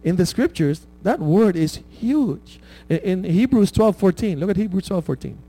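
A man delivering a relaxed, conversational sermon. His voice sits a bit high but sounds dark and mellow. He keeps checking in with his listeners and laughs easily at his own stories. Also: moderate pace, poor audio. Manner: conversational preaching with frequent "right?" tags. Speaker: pastor.

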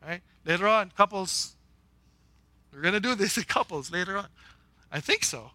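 Animated high-voiced male preacher. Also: moderate pace, long pauses, no room sound. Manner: animated, humorous, acts out quoted voices. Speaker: pastor. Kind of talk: sermon.

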